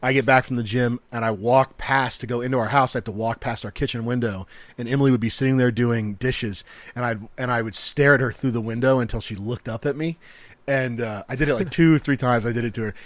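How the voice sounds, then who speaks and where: A man co-hosting a podcast, his voice in a middle pitch. He rambles through stories in casual chat, laughing often. The sound is close and dry, with no room to it. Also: steady tone, a little fast, dry recording. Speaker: podcast co-host.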